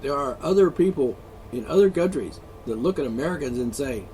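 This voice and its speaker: A man's voice: mid-range voice, expressive, fairly quick, mellow, a little hiss or hum. A man vlogging an angry solo rant, profane, sarcastic and mocking.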